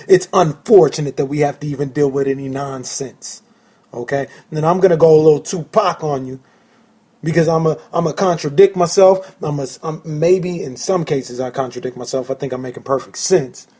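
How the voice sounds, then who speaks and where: A man hosting his own sports podcast alone, talking excitedly and emphatically and repeating phrases for effect. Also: fairly high pitch, a little fast, husky. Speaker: podcast host. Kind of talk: solo sports fan podcast.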